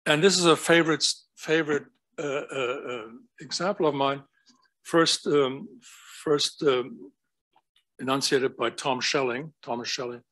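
A man giving an academic talk, animated and storytelling, often asking rhetorical questions. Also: mid-range voice, measured pace, low-quality recording. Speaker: guest lecturer.

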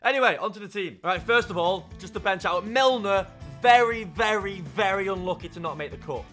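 A man's voice: sits high, brisk, pushed and bright. A young English man giving casual, joking gameplay commentary and talking straight to his viewers as a gaming YouTuber. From England. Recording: faint music underneath.

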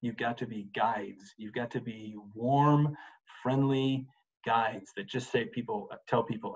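A man's voice: mid-range voice, unhurried, slightly rough, muffled recording. A middle-aged man coaching lawyers in a webinar from his home office, talking with energy and stressing points by repeating "you've gotta". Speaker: advocacy and presentation coach. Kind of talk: webinar presentation. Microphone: desk microphone.

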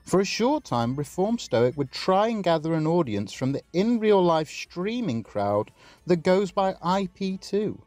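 Man narrating a documentary, lively pitch. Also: unhurried, dry recording, soft background music.

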